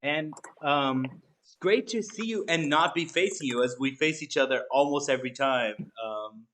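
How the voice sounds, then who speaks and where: A man's voice: on the high side, moderate pace, a bit bright. A man hosting a live-streamed game show, introducing each player in a casual, chatty way with frequent ums. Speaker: host.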